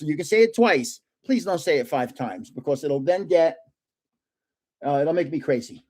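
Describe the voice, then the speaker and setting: An older man hosts a relaxed live stream. His voice sits a little higher than most men's. He rambles through stories and chuckles often as he talks. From North Jersey, United States. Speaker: livestream host. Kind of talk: casual live-stream chat and storytelling.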